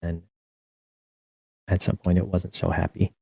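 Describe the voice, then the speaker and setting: A man on a recorded voice call, talking quietly and hesitantly in a mumble, with his mic cutting out. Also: sits low, little pitch movement, unhurried, creaky, husky, no room sound, rough recording. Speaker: streamer on a call. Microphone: voice-call microphone cutting out.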